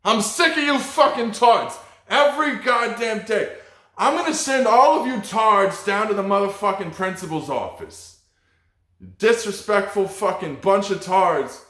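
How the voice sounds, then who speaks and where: A man voicing a furious, foul-mouthed male schoolteacher who yells and swears at his class, slow and loud, in a roomy echo. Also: high voice, expressive, pitched above the performer's own voice. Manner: screaming, cussing, drawn-out.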